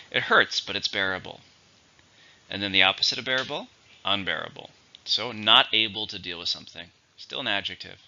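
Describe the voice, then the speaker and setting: A man gives a methodical English vocabulary lesson, saying each word, counting its syllables and offering an example sentence. His lowish voice is bright and forceful, captured in dull lo-fi audio.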